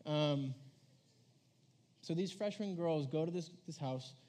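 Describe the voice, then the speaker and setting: A man's voice: fairly high pitch, slow pace, dark tone. A young man giving a casual storytelling sermon to a youth crowd, rambling and filling his talk with "like" as he acts out quoted voices. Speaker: youth preacher.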